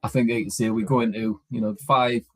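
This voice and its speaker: A man co-hosting a podcast, talking casually in a halting way with many restarts over a video call. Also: mid-range voice, fairly even intonation, over a noisy crowd. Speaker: podcast co-host.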